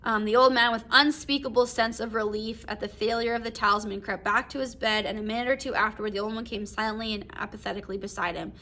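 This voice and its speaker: A woman's voice: a little high, fairly even intonation, fast talker, hardly any pauses, pushed and bright. A woman teacher reading a short story aloud and explaining it in a casual recorded lesson, with many fillers. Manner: reads passages aloud then explains them with fillers like "um", "like" and "right?". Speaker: English teacher.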